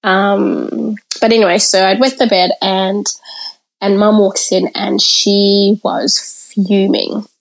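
A woman's voice: mid-range voice, little pitch movement, creaky. A woman from Africa, a podcast guest, telling her personal story in an interview in a candid, reflective way. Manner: candid and reflective, pausing to gather thoughts.

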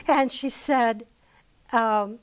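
A woman with an American accent teaching scripture to a church group, her voice pitched high. She speaks slowly and deliberately, often pausing to ask her listeners a question before answering it herself. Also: low-quality recording. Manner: conversational, asks the audience questions. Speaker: women's Bible study teacher. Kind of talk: Bible teaching talk.

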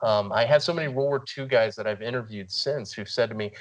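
A man's voice: on the low side, brisk, low-quality recording. A man in his thirties, an army veteran, telling his story earnestly in a casual interview, with many "you know" fillers. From United States. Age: 30s. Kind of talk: conversational storytelling.

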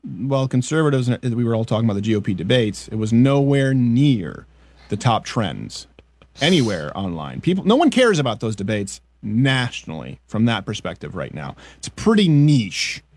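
A male podcast host from French Canada who talks in opinionated, joking rants. His pitch swings up and down a lot. The sound is dry and close, with no room in it. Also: normal speed, no room sound. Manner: opinionated, animated, jokey rants. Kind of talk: casual comedic political chat.

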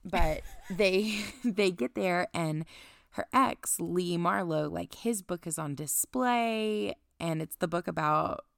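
Gravelly low-voiced woman, chatty recap. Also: takes it slowly, no room sound, studio quality. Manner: chatty, recaps plot with quoted asides and frequent "like". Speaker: podcast co-host. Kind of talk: casual book discussion.

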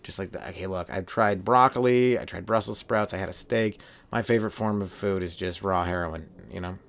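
A young man hosting a solo comedy podcast from his trailer, rambling between riffs and popping into quick silly voices. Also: deep voice, vocal fry, fairly bright tone. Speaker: stand-up comedian, podcast host.

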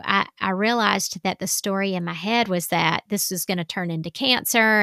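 Gravelly Southern woman, candid coaching chat. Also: medium pitch, fairly bright tone, no room sound, clean studio sound. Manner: candid, chatty, self-deprecating, with many fillers. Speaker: life coach. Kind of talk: casual talk to camera.

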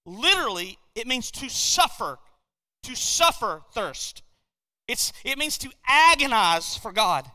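A man preaching a sermon in a church, telling a story with animated energy and frequent restarts. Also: very high voice, slow pace. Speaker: pastor. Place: church sanctuary. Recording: long reverb of a church hall.

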